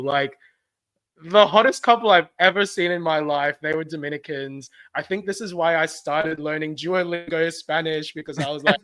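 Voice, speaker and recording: A young Australian man co-hosting a podcast, telling stories in a giggly, animated way. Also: on the high side. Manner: giggly, animated storytelling with frequent laughs. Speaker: podcast co-host. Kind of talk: casual chat.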